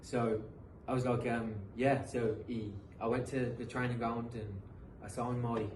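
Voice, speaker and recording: A man's voice: medium pitch, level tone, measured pace, distant mic. Rambling British man in an echoey room. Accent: British English, mixed with some American. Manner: rambling, repeats himself, frequent um and uh. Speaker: guest, professional footballer. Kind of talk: casual podcast storytelling. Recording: echoey room, mic set back, faint noise.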